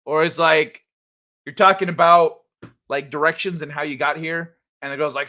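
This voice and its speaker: A man's voice: a little high, a little slow, pauses often, pushed and bright. A man hosting a casual livestream, rambling and joking with his chat. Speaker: livestream host.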